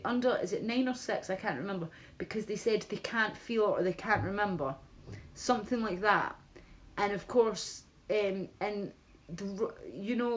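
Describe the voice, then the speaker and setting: A woman chatting casually on a livestream, rambling with restarts and asides to her viewers. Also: mid-range voice. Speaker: livestream host. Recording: dull lo-fi stream audio.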